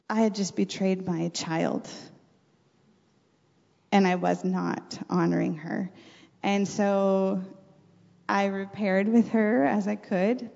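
A middle-aged woman and mother telling personal stories in an earnest, faith-centered way, animated when retelling. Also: mid-range voice, vocal fry. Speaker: mother and podcast guest. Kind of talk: reflective personal storytelling. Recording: dull recording with long reverb.

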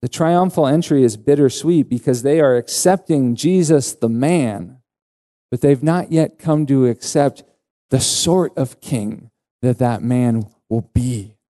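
A male pastor delivering an earnest sermon with emphatic rises in pitch. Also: unhurried, mellow.

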